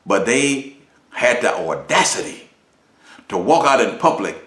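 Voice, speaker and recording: A man, a minister, delivering a preached lesson. He talks emphatically, uses rhetorical questions, and swings widely in pitch and volume. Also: big pitch swings, unhurried, fairly bright tone. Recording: roomy echo.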